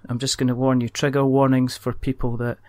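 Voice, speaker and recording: Bloke hosting a board game podcast, rambly casual chat, middle-of-the-road pitch. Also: male voice, flat delivery, brisk, a little mellow. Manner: chatty, rambling, self-deprecating. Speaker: podcast host.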